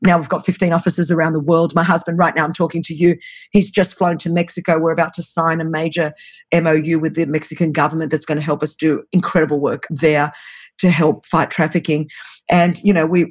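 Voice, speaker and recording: Brief: earnest, urgent woman in her fifties, interview storytelling, stresses phrases by repeating them. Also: low-pitched. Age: 50s. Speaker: anti-trafficking ministry leader.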